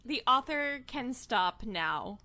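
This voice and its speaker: A podcast guest with a bright, slightly high voice. She chats casually and drops wry, dry quips. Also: lively intonation, takes it slowly. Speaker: guest voice actress. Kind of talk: casual chat.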